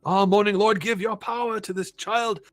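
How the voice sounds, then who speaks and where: A man's voice: high voice, dry recording, clean studio sound, soft background music, pitched above the performer's own voice. A man putting on a serene, pious old abbot. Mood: reverent. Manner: calm, pious, measured speech. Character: serene, devout older male abbot.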